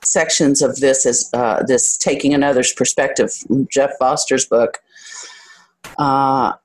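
A spiritual teacher giving a reflective talk to a group, speaking candidly about their own experience and often pausing to search for the next thought. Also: mid-range voice, fairly even intonation. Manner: candid and self-reflective, with light self-deprecating humor.

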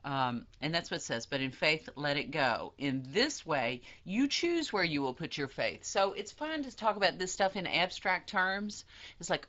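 A woman giving a casual spiritual teaching talk, animated and self-deprecating, acting out quoted voices. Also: on the low side, a little slow. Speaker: spiritual teacher leading a study group. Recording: dull lo-fi sound.

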